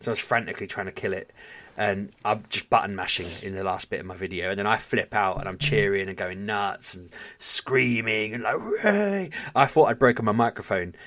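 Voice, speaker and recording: A man co-hosting a podcast, telling a story in casual chat with animated energy and frequent laughter. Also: deep voice, fast. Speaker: podcast co-host.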